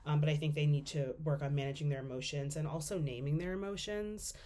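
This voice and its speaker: A woman's voice: low voice, fast talker, mellow. A young woman giving a class presentation as a student, speaking casually with lots of fillers as she thinks aloud.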